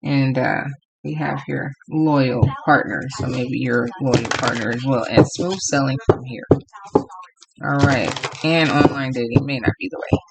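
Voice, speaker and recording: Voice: mid-range voice, measured pace, gravelly, heavy background noise. A tarot reader from Los Angeles giving a casual, rambling reading to viewers and laughing often.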